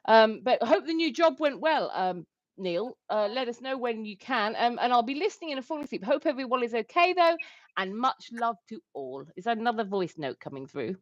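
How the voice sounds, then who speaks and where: A woman's voice: a little high, very animated, a little fast, no echo, highs cut off. A woman co-hosting a livestream, chatting casually and reading out viewer comments. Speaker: livestream co-host.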